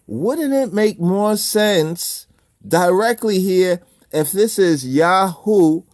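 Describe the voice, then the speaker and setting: A man's voice: high-pitched, animated, slow, darkish tone. A man hosting a religious video, talking in a casual monologue full of repeated rhetorical questions and chuckles.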